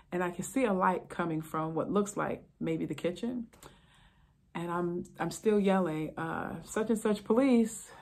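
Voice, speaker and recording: A woman's voice: lowish voice, vocal fry. A middle-aged woman who is a retired detective, telling a story casually to camera in a conversational, anecdotal way.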